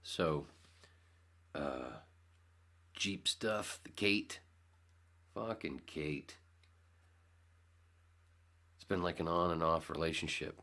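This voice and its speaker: A man's voice: extremely low pitch, gravelly, fairly bright tone. A man hosting his own podcast, rambling casually and sarcastically, swearing freely. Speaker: podcast host. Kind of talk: casual solo podcast talk.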